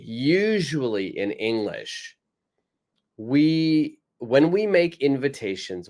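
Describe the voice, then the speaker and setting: A man teaching an online English lesson, greeting viewers by name and reading example dialogues aloud. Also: mid-range voice.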